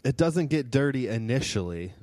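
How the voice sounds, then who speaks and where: A man's voice: mid-range voice, expressive, normal speed, a little mellow, dry recording. A young man co-hosting a podcast from a home kitchen in laid-back casual chat. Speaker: podcast co-host.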